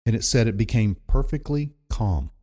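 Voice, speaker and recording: A man's voice: medium pitch, animated, moderate pace, mellow. A man preaching a sermon in a conversational, emphatic way, often repeating himself for effect. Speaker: pastor.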